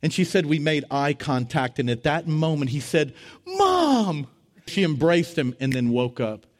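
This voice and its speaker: A middle-aged man preaching as a pastor, telling a story with animated, rising voices for the people in it. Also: normal speed. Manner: animated, rising to high excited voices when retelling dialogue. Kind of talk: sermon storytelling.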